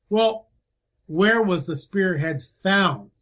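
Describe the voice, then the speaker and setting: A man's voice: sits high, moderate pace. A man speaking as a guest field researcher in a casual conversation, talking in an emphatic, impassioned way.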